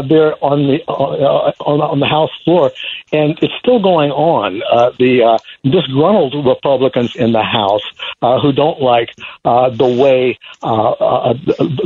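An older man, a newspaper columnist, speaking as a guest in a radio interview, halting with many fillers and restarts. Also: a little high. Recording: dull lo-fi radio sound with faint noise.

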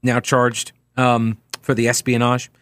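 A man's voice: mid-range voice, monotone, unhurried, a bit bright, dry recording. A male talk radio host giving a chatty, sardonic monologue from a radio studio, with lots of fillers. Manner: conversational and sardonic, with frequent fillers.

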